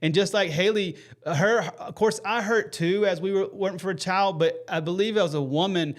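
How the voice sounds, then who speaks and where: A man, hosting a live faith stream with earnest, folksy talk and shout-outs to viewers. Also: high voice, normal speed.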